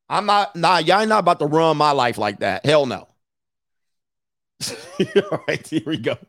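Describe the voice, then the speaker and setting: A man with a slightly high speaking voice rants on a livestream as a life coach. He is blunt and profane, hammers his points home with repeated phrases, and laughs between them. The sound is dry and close, with no room echo. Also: slow pace, long pauses, fairly bright tone. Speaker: life coach hosting a live stream. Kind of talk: casual livestream rant answering super chats.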